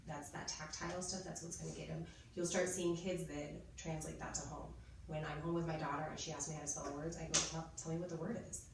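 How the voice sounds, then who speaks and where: A woman's voice: sits low, level tone, brisk, vocal fry. A woman in her thirties training teachers, chatty and explaining step by step as she models spelling drills. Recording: echoey room, mic far off, noisy.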